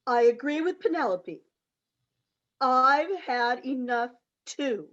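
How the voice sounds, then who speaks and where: A woman playing an emotional mother in an amateur radio play, halting and theatrical, recorded on dull lo-fi audio. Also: high-pitched, animated, fairly bright tone, exaggerated voice. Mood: hesitant. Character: emotional middle-aged mother, fed up with family trips.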